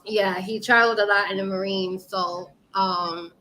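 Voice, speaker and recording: A woman from New York hosting a casual livestream chat, loud and laughing with lots of swearing. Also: medium pitch, fairly even intonation, moderate pace, a little hiss or hum. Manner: loud, laughing, profane banter. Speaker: livestream show host. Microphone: livestream setup, video call.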